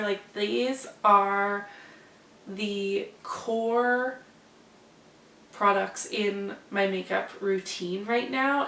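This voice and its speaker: A woman's voice: medium pitch, a bit bright, distant mic. A woman with a blocked, congested nose chats casually and a bit ramblingly to her viewers. She sits back from the mic, and the room adds a noticeable echo. A faint hum of ambience sits under her voice. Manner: chatty, rambling, hopeful. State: congested, stuffy-nosed. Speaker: beauty vlogger. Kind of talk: casual to-camera chat.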